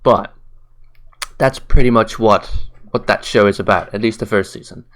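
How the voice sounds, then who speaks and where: Sleepy guy ranting and swearing, kinda low voice, blunt and mocking. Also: normal speed, a bit bright. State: tired, late at night. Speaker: commentary vlogger. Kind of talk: ranting commentary.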